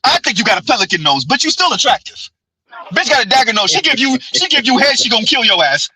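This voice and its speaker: A man's voice: extremely high pitch, sing-song, fast talker, bright, forceful tone, husky, low-quality recording. A man hosting a podcast, ranting in casual commentary, profane and exasperated. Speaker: podcast host.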